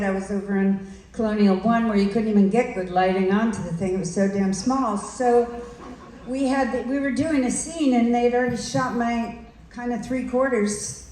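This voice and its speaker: An older actress on a convention panel, telling a candid story and acting out the quotes in changing voices. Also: female voice, a little high, mellow. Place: large convention room. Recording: echoey hall from far off.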